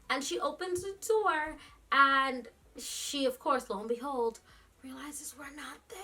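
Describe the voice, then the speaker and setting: A woman vlogger telling a story in casual chat, animated, laughing often and quoting others in quick asides. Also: sits high. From New York.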